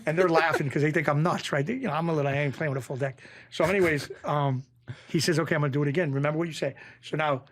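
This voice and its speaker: A man from Springfield, Massachusetts, a podcast guest telling an animated story, acting out quotes and getting excitable. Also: racing. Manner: excitable, acts out quotes, jumps pitch when excited.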